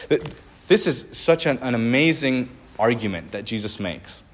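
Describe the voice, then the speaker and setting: Male preacher, mid-range voice, alternates emphatic scripture reading with relaxed commentary. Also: medium pitch, measured pace. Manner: reads verses with rising emphasis, then comments with small laughs and restarts. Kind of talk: sermon, reading and explaining scripture.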